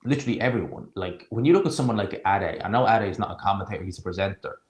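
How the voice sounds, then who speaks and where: Man, live-stream host, casual rambling chat, sarcastic, lowish voice, echoey room. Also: fast talker. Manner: sarcastic, rambling, searching for names. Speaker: live watch-along streamer. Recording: roomy echo.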